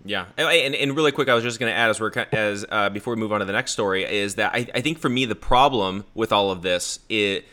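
A man co-hosts a podcast with a low-pitched yet bright, forceful voice. He talks earnestly and haltingly, often stumbling into restarts as he builds his point. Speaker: podcast co-host. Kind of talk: conversational news commentary.

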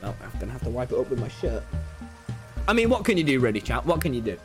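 Brief: brash lad streaming from home, wildly swooping pitch, faint music underneath. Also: male voice, very animated, quick pace. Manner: loud, boastful, jokey, often yelling and laughing. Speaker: live streamer. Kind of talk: excitable gaming livestream chat. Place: home room.

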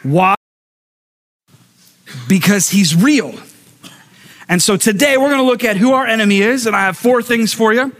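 A male pastor preaching from a stage microphone in a church sanctuary, his voice sitting high for a man. He keeps it conversational, putting questions to the congregation and talking with them rather than at them. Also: lively intonation, moderate pace, pauses often, fairly bright tone. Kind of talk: sermon.

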